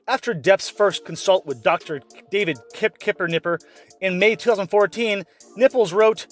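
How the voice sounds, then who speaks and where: A high-voiced man rants through a commentary video, sarcastic and openly exasperated, swearing freely as he reads and mocks quotes. His tone keeps swinging between mock outrage and weary disbelief. Faint music sits underneath. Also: moderate pace. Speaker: commentary vlogger. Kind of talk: ranting commentary.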